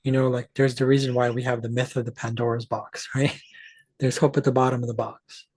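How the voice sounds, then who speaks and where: A man talks straight to his audience in an emphatic, swearing rant. His voice is husky and sits at an ordinary pitch. It sounds close and dry, with no room around it. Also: flat delivery, a little fast, darkish tone, dry recording. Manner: emphatic, profane, restarts mid-sentence. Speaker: astrology channel host. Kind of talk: ranting monologue to camera.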